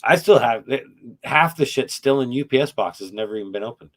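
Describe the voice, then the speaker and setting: A man's voice: mid-range voice, lively intonation, fairly quick. A middle-aged man hosting a casual podcast chat, telling rambling, profane, wry stories about his YouTube channel.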